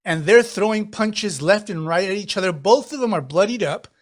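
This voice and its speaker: A man narrating a tabletop role-playing game as game master, animated and laughing often as he describes the action. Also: sits high, moderate pace.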